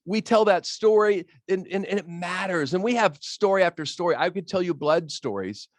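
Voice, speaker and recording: A man's voice: sits high, expressive, normal speed, no echo, studio quality. A man, a roofing business owner on a video-call panel, telling earnest, emotional stories about giving back. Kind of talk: casual panel chat.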